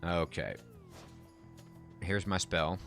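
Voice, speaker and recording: A man with a very low, deep voice gives chatty gameplay commentary, reacting aloud as things happen on screen. Faint game music plays softly underneath. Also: expressive, drawn-out words, creaky. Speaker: game streamer.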